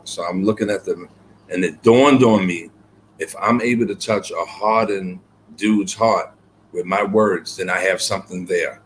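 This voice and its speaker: A man's voice: deep voice, unhurried, fairly bright tone, slight background noise. A man being interviewed as a guest poet, telling his story earnestly and reflectively, with many fillers and repeated words.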